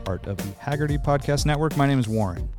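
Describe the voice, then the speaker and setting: A man's voice: medium pitch, expressive, quick pace, music in the background. A man hosting a podcast in a casual, joking chat, laughing often. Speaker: podcast host. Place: studio at a motor club.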